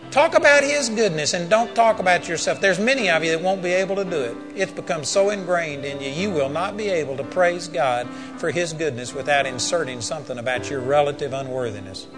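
A man's voice: a little high, fairly quick, few pauses, over music. An older man preaching a sermon, telling a personal story and building to emphatic calls to his listeners. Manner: storytelling, rising to emphatic exhortation.

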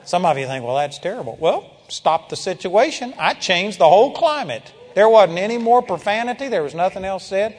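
An older man preaches to his congregation, his voice pitched a little high and trailing a long reverb through the hall. He tells stories with animation and bursts into loud shouts of praise. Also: sing-song, normal speed, few pauses. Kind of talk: sermon.

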